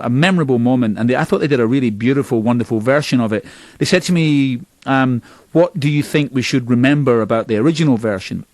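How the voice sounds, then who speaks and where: A man's voice: medium pitch, darkish tone, dry recording. A middle-aged Scottish man, a band's singer, telling long rambling stories in a radio interview with a self-mocking, laughing manner. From Scotland. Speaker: band singer, interview guest.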